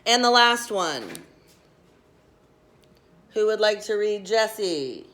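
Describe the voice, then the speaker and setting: A woman teaching a class, brisk and directive, quizzing students with questions. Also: mid-range voice, lively intonation, a bit bright.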